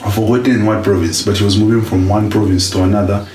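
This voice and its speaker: A man co-hosting a casual podcast, telling stories in a relaxed, laughing way. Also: lowish voice, fast, echoey room, distant mic, soft background music, rough recording. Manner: relaxed, laughing, loose storytelling. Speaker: podcast co-host.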